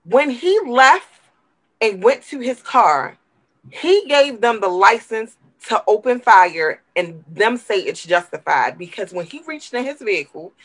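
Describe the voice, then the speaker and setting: A woman's voice: on the high side, lively intonation, a little slow, poor audio. A woman co-hosting a talk show, giving impassioned, emphatic commentary and repeating words for emphasis while emotional.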